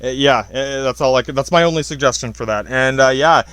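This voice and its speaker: A man's voice: mid-range voice, a little fast, fairly bright tone, smooth, no room sound. A man rambling in a casual monologue, swearing often, apologizing and laughing at himself. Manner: profane, self-deprecating, frequent apologies and laughs. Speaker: podcast host.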